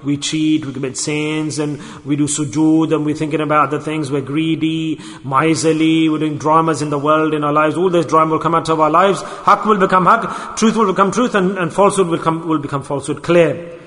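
A man delivers an exhorting sermon in a bright, forceful voice, sprinkling his English with Arabic and Urdu religious words. He keeps pressing his listeners with rhetorical questions. His voice rings on in a long hall reverb. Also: on the high side, steady tone, brisk. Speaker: preacher.

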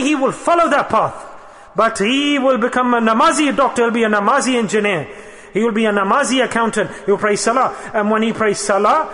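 A man's voice: sits high, a bit bright. A man preaching a sermon, emphatic and repetitive, mixing Arabic and Urdu religious terms into his talk. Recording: long hall reverb.

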